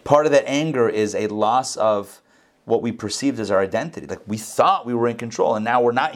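A man's voice: medium pitch, a little fast. A man giving an informal scripture lesson as a Bible teacher, talking conversationally and dropping jokey asides.

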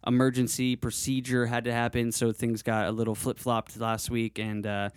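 A man co-hosts a podcast in a relaxed, rambling way, full of fillers and restarts. His voice sits in a middle pitch. The recording is dry and close, with no room sound. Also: moderate pace, smooth, no echo. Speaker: podcast co-host. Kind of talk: casual chat.

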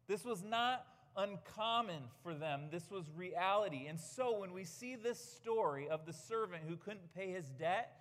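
Man, pastor, preaching, emphatic, slightly higher voice, long hall reverb. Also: unhurried, hardly any pauses, a bit bright. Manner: earnest, emphatic preaching with rhetorical questions. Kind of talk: sermon.

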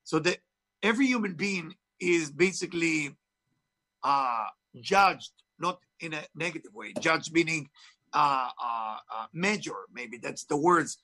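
A man with a heavy foreign accent, an author and spiritual teacher, speaks emphatically in an interview. His voice sits on the high side, expressive and a little slow, with a sharp tone. His manner is preachy and his phrasing non-native.

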